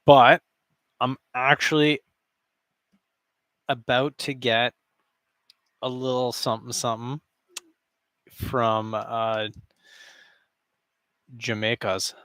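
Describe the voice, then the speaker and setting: Streaming from a basement with a cardboard backdrop, a man chats and jokes with his viewers, rambling and chuckling often. His mid-range voice barely shifts in pitch and comes slowly with long pauses, sounding a bit bright and smooth, with no echo.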